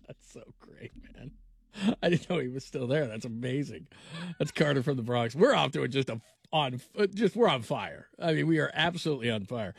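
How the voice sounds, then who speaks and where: A man's voice: mid-range voice, animated, normal speed, vocal fry, husky, no echo. A man hosting a sports talk radio show, rambling and joking with many restarts. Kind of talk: casual talk radio chat.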